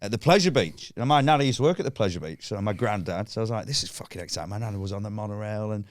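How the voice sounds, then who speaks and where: A man telling a comedy anecdote on a podcast, animated and sweary, acting out voices. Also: fairly low pitch, rapid-fire, no room sound. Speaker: stand-up comedian guest. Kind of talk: casual podcast storytelling.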